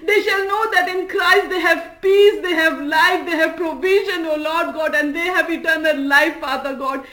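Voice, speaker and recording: A woman's voice: very high voice, steady tone, normal speed, few pauses, bright, forceful tone. A woman leading a fervent spoken prayer for a radio ministry, repeating "Father God" between phrases and reading scripture aloud. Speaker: prayer leader. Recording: echoey room.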